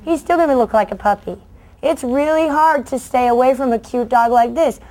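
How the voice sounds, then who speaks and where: A middle-aged woman from the United States gives an animated storytelling talk, her voice sitting slightly high. She slips into the voices of children and adults as she goes, keeping the room with her. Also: moderate pace. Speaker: children's book author giving a talk. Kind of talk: lively storytelling speech to an audience.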